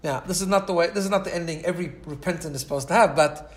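A man's voice: a little high, racing. A man teaching a Torah lesson in an earnest storytelling manner, often restarting and repeating words as he goes. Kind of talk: storytelling sermon.

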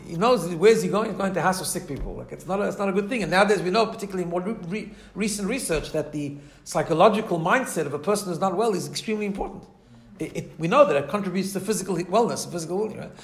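A man's voice: high-pitched, rapid-fire, echoey room. A man teaching a class in a conversational way, often restarting sentences and checking in with his listeners. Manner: conversational, frequent restarts, keeps asking "right?". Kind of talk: class lecture.

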